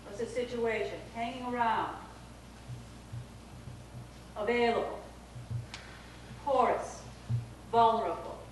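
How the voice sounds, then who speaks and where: Woman minister, lively sermon, playful delivery, higher voice, distant mic, echoey hall with hiss. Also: slow pace, long pauses. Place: church sanctuary.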